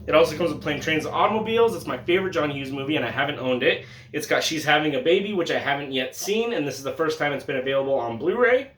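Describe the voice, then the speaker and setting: A young man chatting casually about his film collection, joking, swearing freely and laughing often, with sudden loud bursts of excitement. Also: fairly high pitch, quick pace, hardly any pauses. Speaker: collector showing his Blu-ray haul. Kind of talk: casual chat vlog. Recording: echoey room.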